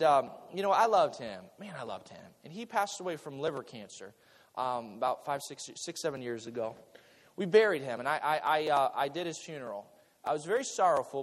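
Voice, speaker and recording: Animated preacher in an echoing hall. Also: male voice, mid-range voice, brisk. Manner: animated preaching with repeated words and joking asides. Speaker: pastor. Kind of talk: sermon. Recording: long reverb of a large hall.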